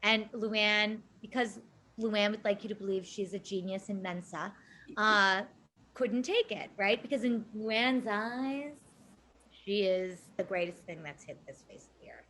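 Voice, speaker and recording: A woman's voice: mid-range voice, a little slow, pushed and bright. A woman co-hosting a casual podcast chat, talking in an emphatic, indignant way. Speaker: podcast co-host.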